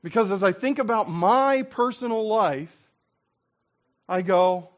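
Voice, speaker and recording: A man preaching a sermon as a pastor, in a lively, conversational way that acts out what people say. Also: high-pitched, a little slow, long pauses.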